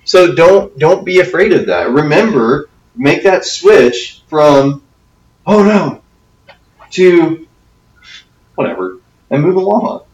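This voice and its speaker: A man's voice: on the high side, expressive, slow pace, highs cut off. A man as youth pastor giving a conversational talk to teens, often checking in with "okay?". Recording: echoey room, from a distance.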